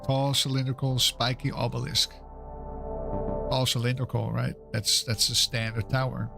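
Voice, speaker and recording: A man's voice: mid-range voice, little pitch movement, moderate pace, creaky. Wry man teasing through gameplay. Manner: wry, teasing, laughs at the player. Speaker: game developer streaming his own game. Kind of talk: casual gameplay commentary. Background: background music.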